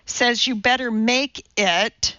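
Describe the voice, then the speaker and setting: Woman doing flustered young woman secretary, hesitant, apologetic, slow, bright, dull audiobook sound. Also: fairly high pitch, no echo, pitched above the performer's own voice.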